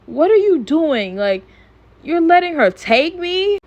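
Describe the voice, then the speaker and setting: Woman doing a shrill bossy cartoon baby. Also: lively intonation, takes it slowly, dry recording. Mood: pleading. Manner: indignant insulting outbursts.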